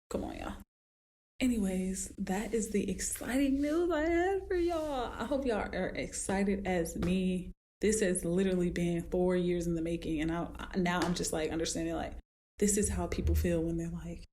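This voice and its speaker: Animated woman podcast host. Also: slight background noise. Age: adult with a daughter. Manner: animated storytelling, acts out clients in high voices. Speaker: podcast host and fitness trainer. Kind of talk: casual solo podcast talk.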